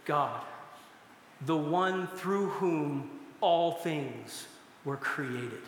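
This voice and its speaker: A man's voice: a little high, slow pace, a little hiss or hum. A middle-aged man preaching a sermon, telling stories and laughing now and then as he speaks. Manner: storytelling with bursts of laughter. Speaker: pastor. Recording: echoey hall with long reverb.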